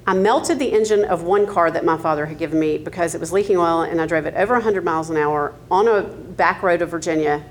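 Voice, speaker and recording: A woman's voice: fairly low pitch, fast talker, hardly any pauses, slight background noise. A woman in her fifties from the American South, telling her life story with candid asides, ums and light laughs. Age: 50s. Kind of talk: personal testimony.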